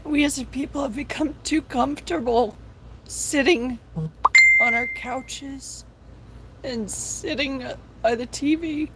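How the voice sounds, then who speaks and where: A woman's voice: high-pitched, slow, sharp tone, a little hiss or hum, rough recording. A young woman hosting a live stream, talking in an earnest, preachy, pleading way about faith. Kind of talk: impassioned religious vlog talk.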